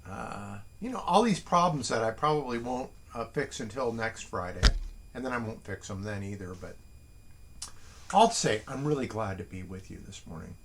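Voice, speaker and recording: A man hosting a casual morning livestream, reading listeners' haiku slowly and adding wry, chatty asides from his desk at home. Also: fairly low pitch, lively intonation, a little hiss or hum. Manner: chatty and wry, reads poems slowly and deliberately.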